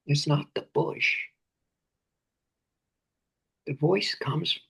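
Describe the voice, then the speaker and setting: A man leading a guided meditation, speaking slowly and often sinking into breathy whispers, repeating phrases and names softly. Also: fairly high pitch. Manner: slow, drifting into breathy whispers. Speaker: meditation teacher.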